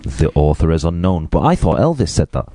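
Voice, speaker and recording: Deep-voiced man reading quotes. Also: big pitch swings, warm tone, no echo, studio quality. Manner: playful, drawn-out delivery of quotes. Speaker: podcast co-host. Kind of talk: casual chat, reading out quotes.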